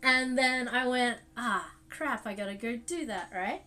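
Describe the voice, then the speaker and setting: A woman's voice: on the high side, sharp tone. A young woman streamer telling a story in casual live chat, rambling with lots of fillers and bursts of laughter.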